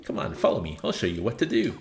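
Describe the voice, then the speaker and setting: A man's voice: low-pitched, wildly swooping pitch, fast talker, gravelly, darkish tone, slight background noise, full character voice. A man reading as a lonely old robot inventor. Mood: cautioning. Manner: reads game text aloud, earnest and warning. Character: lonely older male robot inventor, fretful.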